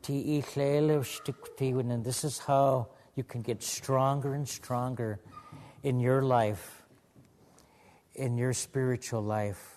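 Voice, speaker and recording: A man from the Pacific Northwest telling stories and spiritual teachings to a gathering in a gentle, humorous way. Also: medium pitch, fairly even intonation, very slow, big-room sound, slight background noise. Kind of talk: live storytelling to a gathering.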